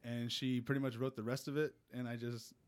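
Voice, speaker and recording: Chill young dude hosting a podcast, normal pitch, kinda repeats himself. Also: male voice, flat delivery, brisk, a little hiss or hum. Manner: easygoing, repeats himself, stumbles on words. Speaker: podcast host. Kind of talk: casual chat.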